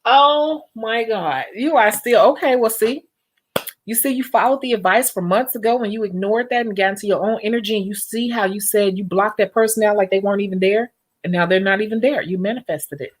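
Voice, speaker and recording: A woman's voice: mid-range voice, fairly quick. A young woman who works as a nail technician, chatting casually and animatedly with her viewers and laughing often. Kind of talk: casual vlog chat with viewers.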